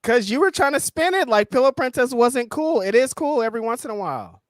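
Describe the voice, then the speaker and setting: A man's voice: very high voice, big pitch swings, a little fast. A man co-hosting a casual live-stream chat, laid-back and teasing, laughing often. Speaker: co-host.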